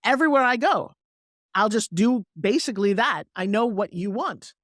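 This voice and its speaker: A middle-aged woman, a sales coach, talking energetically in an interview and slipping into persuasive pitching, with acted-out quotes. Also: animated, moderate pace, a bit bright, no echo, clean studio sound. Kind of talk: energetic interview talk with live product pitch.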